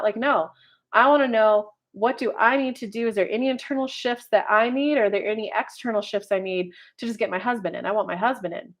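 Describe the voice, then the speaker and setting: A woman tarot reader and life coach talks casually to her viewers. Her voice sits somewhat high, and she rambles in a chatty way with plenty of filler words. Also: animated, a little fast. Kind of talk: casual horoscope video monologue.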